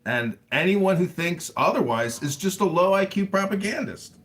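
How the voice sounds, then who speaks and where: A man's voice: high voice, expressive, normal speed, crowd noise. A man making blunt, provocative declarations in a casual online voice chat.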